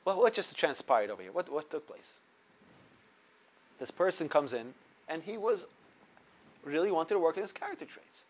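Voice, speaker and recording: A man with a high voice teaching a religious ethics class. He tells the story animatedly, rising loud and dropping low as he goes. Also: very animated, normal speed, long pauses. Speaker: Torah teacher. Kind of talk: ethics lesson with a told story.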